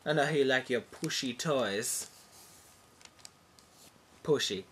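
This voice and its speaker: A woman playing a husky, melodramatic soap diva. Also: a bass voice, takes it slowly, exaggerated voice. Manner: overblown, mock-dramatic delivery. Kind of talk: parody soap opera acting.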